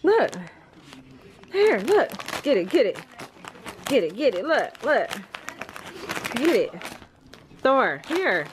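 A woman's voice: on the high side, very animated, takes it slowly, pauses often. Woman vlogger coaxing her dog. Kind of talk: casual home vlog. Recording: noisy room full of family chatter.

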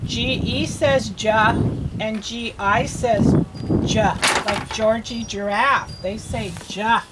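A woman reading teacher leading a children's phonics lesson, sounding out letters in a slow, sing-song drill. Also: fairly high pitch, background noise.

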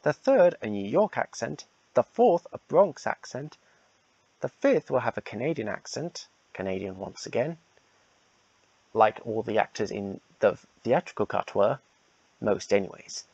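A man's voice: medium pitch, expressive, a little slow, a little mellow, slightly rough, dry recording, muffled recording. A man casually announcing the casting for a fan redub, rambling and repeating himself.

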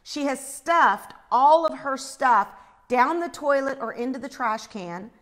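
A woman telling a personal faith story in an animated way, acting out the screams she describes. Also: high voice, a little slow.

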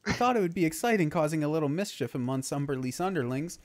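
Male streamer reads playful ghost son, bouncy, high-ish, loose delivery. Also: expressive, fast talker, lightly acted. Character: mischievous young male ghost, a priest's son.

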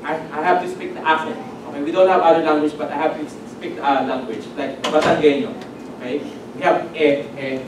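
Filipino-accented pastor in an echoey hall. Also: male voice, fairly high pitch, fairly even intonation, a little fast. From Philippines. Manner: conversational, checks in with "okay?" often. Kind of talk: sermon. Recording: echoey hall, distant mic, background noise.

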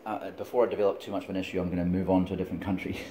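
Middle-aged Scottish man, low and mellow, chatty digressive vlogger. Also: little pitch movement, rapid-fire, slight background noise. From Scotland. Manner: digressive, laughs often, tipsy and chatty. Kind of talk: rambling opinion monologue.

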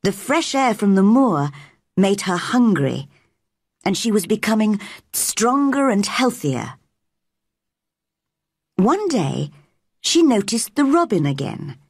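A woman narrating a storybook slowly and carefully for English learners. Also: medium pitch, very animated, husky, dry recording, studio quality.

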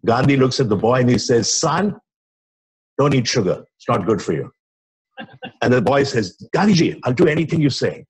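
An older man with an Indian English accent speaks to a lecture hall, his voice a little husky. He tells stories, dropping low and quiet on the punchlines of the quotes he recites. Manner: storytelling, quotes with soft dramatic drops. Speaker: physician giving grand rounds talk.

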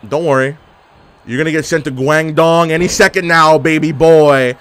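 A man's voice: a little high, fairly even intonation, normal speed, a bit bright, smooth. A man giving casual gameplay commentary, exclaiming and throwing out playful trash talk. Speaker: gaming YouTuber.

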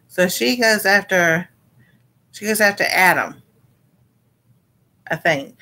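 A woman casually recapping a cartoon episode for a panel show, rambling and halting with many fillers. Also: lowish voice, sharp tone, poor audio.

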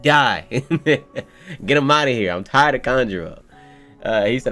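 A man giving live, slang-heavy reaction commentary, reading character lines aloud in his own voice and shouting with laughter when he gets hyped. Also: mid-range voice, animated, measured pace, soft background music. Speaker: manga reaction streamer.

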